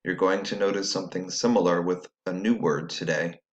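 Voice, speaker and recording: A man's voice: low-pitched, steady tone, fairly quick, highs cut off. A man teaching a recorded phonics lesson, patiently explaining step by step to students at home.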